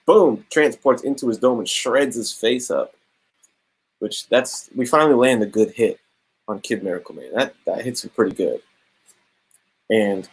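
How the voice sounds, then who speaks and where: A man casually reviewing comics, telling the story in animated slang with quick asides. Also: mid-range voice, breathy edge, poor audio.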